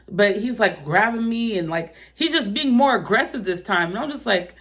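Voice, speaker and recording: A young woman vlogger with some vocal fry tells a personal story in loose, profane slang. She stays mid-pitched, and her voice jumps up when she acts out her own quoted reactions. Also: moderate pace. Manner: animated and profane, acting out quoted lines loudly. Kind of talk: casual storytime monologue.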